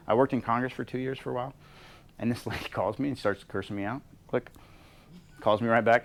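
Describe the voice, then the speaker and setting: A man leading a leadership workshop as coach, animated and acting out both sides of the conversations he describes. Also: mid-range voice, fast talker. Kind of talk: interactive workshop teaching.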